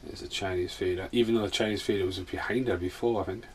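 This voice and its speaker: A man hosting a podcast gives a rambling film commentary, laughing often. His low voice holds a steady tone at a quick pace, but his speech is a little slurred and he sounds injured and in pain. There's slight background noise.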